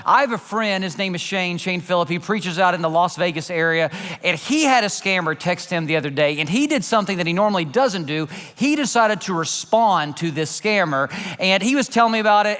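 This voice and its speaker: A male pastor preaching a sermon in an animated, conversational storytelling manner. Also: high voice. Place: church sanctuary. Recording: reverberant church hall.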